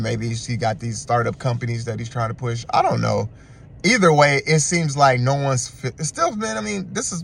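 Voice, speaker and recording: A man giving a casual, animated and slangy recap of a reality show. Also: mid-range voice, vocal fry, slight background noise. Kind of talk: casual commentary.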